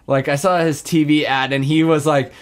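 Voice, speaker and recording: A man's voice: fairly high pitch, fairly even intonation, moderate pace. A young man from San Diego co-hosting a podcast who rambles and swears casually among friends. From San Diego, California. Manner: rambling, profane, chatty. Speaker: podcast co-host. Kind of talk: casual chat.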